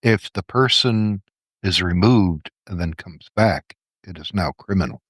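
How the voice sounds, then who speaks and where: Male co-host, lowish voice, explainer, enthusiastic and profane; dry recording. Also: a little slow, no echo. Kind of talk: casual chat.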